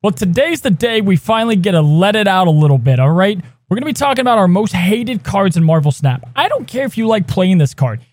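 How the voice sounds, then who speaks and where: High-voiced animated male podcast co-host. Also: brisk, hardly any pauses, no echo, clean studio sound. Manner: animated, hypes up segments. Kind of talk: casual podcast chat.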